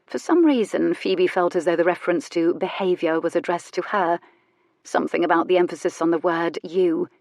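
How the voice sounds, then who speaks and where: A woman with a lower-pitched voice reads romance narration in a measured, even way. The recording is dry and close, with no room sound. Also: no echo. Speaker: audiobook narrator. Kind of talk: scripted audiobook narration.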